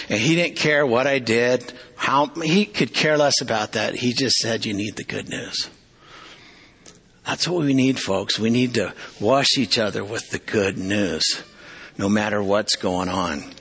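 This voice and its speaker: A middle-aged man preaching a testimony sermon to a congregation, earnest and confessional, with halting restarts. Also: medium pitch, fairly bright tone, breathy edge.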